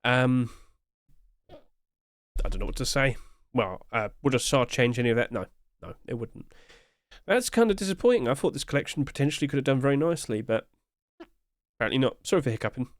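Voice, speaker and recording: A man's voice: medium pitch, expressive, a little fast, long pauses, no echo, studio quality. A man giving casual, upbeat commentary as he reviews game skins, chatting along with light chuckles.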